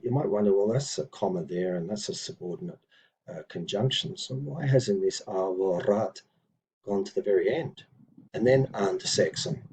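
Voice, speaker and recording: A man teaching an Old English lesson in an unhurried, explanatory way, with frequent fillers and self-corrections. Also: on the low side, darkish tone, a little hiss or hum, poor audio. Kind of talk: informal recorded lesson, reading and explaining text.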